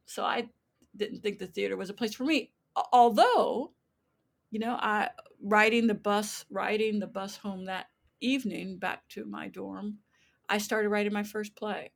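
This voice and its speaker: A woman in her sixties from the United States, a playwright telling animated stories in an interview and acting out voices as she goes. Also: medium pitch, moderate pace, vocal fry. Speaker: playwright guest. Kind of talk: interview storytelling.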